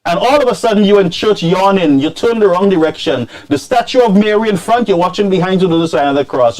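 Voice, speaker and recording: A man hosting political commentary, scolding and animated, dropping into Creole phrases. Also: high-pitched, quick pace, hardly any pauses. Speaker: commentary show host.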